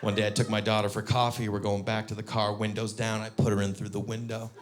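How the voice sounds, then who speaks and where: A man in his thirties doing a stand-up comedy set on stage, telling animated stories and breaking into high squeaky voices for his kids. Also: fast talker, music in the background. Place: comedy stage before a live audience.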